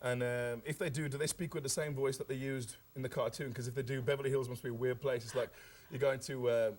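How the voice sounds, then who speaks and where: A man's voice: mid-range voice, fairly even intonation, fast talker, darkish tone. An English man, a comedian, chatting playfully on a talk show and slipping into funny voices. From England. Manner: playful, slips into character voices. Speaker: comedian guest. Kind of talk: comic talk show banter.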